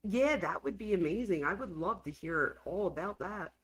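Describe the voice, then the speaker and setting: A woman's voice: fairly low pitch, animated, normal speed, crowd noise, low-quality recording. A woman hosting a true crime livestream, chatting casually and reacting with exclamations. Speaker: true crime show host.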